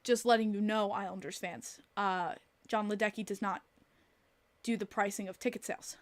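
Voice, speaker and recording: A woman hosts a casual live-stream podcast from a close desk mic, and the sound is dry with no room around it. She talks bluntly and with a lot of animation, swears freely, and breaks off to answer her chat. Her voice sits at an ordinary middle pitch. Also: fairly even intonation, moderate pace, no echo. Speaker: podcast host.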